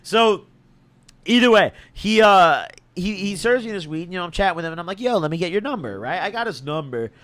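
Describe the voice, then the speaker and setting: In a high voice and at a fairly quick pace, an intoxicated young man recounts a story on a stream. He sounds lively and slangy, with laughter breaking through the whole way.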